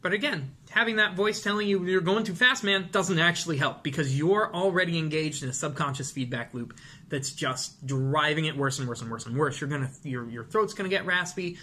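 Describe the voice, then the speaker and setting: A man teaching presentation skills to camera, animated and demonstrative, sometimes acting out rushed nervous speech. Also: on the high side. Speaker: vocal and presentation coach. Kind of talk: instructional talk to camera.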